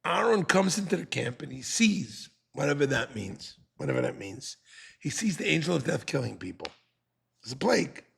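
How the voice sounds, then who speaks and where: Animated, gravelly rabbi teaching. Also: male voice, on the high side, moderate pace. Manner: animated, dramatizing the text. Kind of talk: Torah class storytelling.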